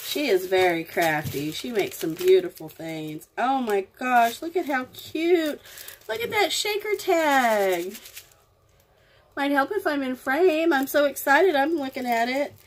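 A woman vlogger talks casually and lovingly as she opens crafting mail at home, gushing in a slow, drawn-out way. Her high voice has lively intonation, and a slight hiss or hum sits under the audio.

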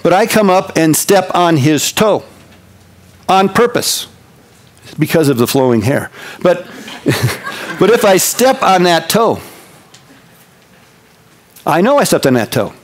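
Animated pastor preaching. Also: male voice, high-pitched. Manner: animated, folksy, shifts between loud bursts and slow quiet emphasis. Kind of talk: sermon.

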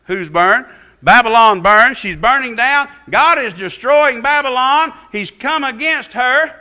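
A male pastor, preaching a fervent sermon that swings between loud peaks and low asides. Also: animated, measured pace.

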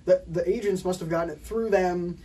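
A young man hosting a casual film review chat, animated and a little hesitant, acting out characters' lines. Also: sits high, fairly quick, far from the mic, a little hiss or hum. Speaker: film review show host.

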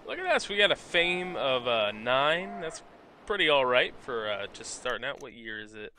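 A man's voice: medium pitch, sing-song, normal speed, pushed and bright, slight background noise. A young man giving playful, casual commentary while playing a game, with cheering outbursts. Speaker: let's play host. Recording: game music playing behind.

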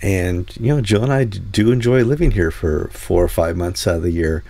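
A man's voice: low voice, normal speed, vocal fry, dark tone, dry recording. A man hosting a news talk show, telling stories in a casual, rambling way with many fillers. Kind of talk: casual chat.

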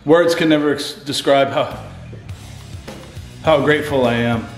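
A man's voice: a little high, a little slow, soft background music. Shaken, stammering man in an echoey house. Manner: rambling, stammering, repeating himself. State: shaken and scared. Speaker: paranormal vlogger. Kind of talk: frightened solo ghost-hunt vlog. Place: empty house indoors. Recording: echoey room.

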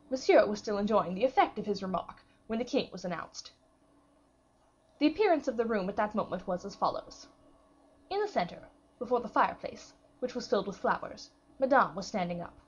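Husky woman reading a classic novel. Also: medium pitch, dull audio. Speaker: audiobook reader. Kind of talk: scripted narration of a classic novel.

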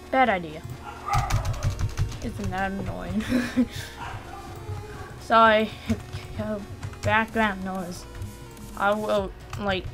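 A young woman commentating her gameplay casually, excitable, shrieking and repeating words when things go wrong. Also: medium pitch. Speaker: gaming channel host.

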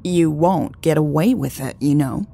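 Hot-headed cocky guy, cold and threatening, low gravelly voice, woman reading him in an audiobook. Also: a little slow, dark tone, a little hiss or hum. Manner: icy, threatening. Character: angry cocky young man, hot-tempered.

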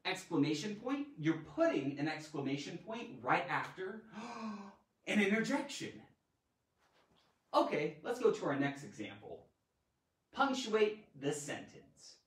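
A man hosting a live online grammar lesson in a playful, animated way, tossing in silly sound effects. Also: high-pitched, unhurried. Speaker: grammar teacher and show host. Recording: roomy echo, mic at a distance.

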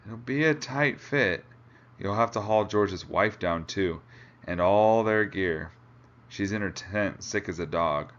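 A man reading aloud, voicing a calm, matter-of-fact male expedition leader. The recording sounds dull and lo-fi. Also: lowish voice, takes it slowly.

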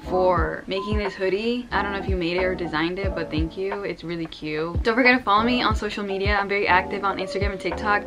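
A young woman vlogging an unboxing in casual chat, gushing and excitable, full of slang. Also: medium pitch. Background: background music.

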